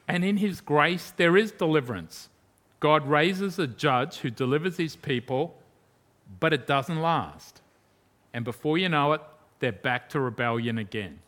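A male preacher delivers a sermon with a bright, forceful edge to his voice. His pitch sits somewhat high for a man. He talks emphatically, throwing out rhetorical questions and dropping from loud to hushed.

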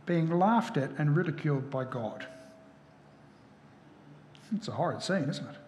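Guy preaching a sermon, kinda high voice, lots of "isn't it?" questions, roomy echo. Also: animated, measured pace, a little mellow, slight background noise. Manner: asks rhetorical questions. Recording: echoey hall from far off.

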